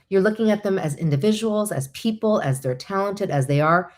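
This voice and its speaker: A woman vlogger giving casual, encouraging and practical advice, chatty with quick asides. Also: mid-range voice, expressive, darkish tone. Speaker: vlogger host.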